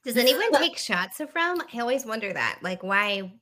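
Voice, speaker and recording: A woman's voice: on the high side, big pitch swings, normal speed, over a noisy crowd. A woman from the US South co-hosting a casual podcast chat, giggly and laughing often. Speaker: podcast co-host.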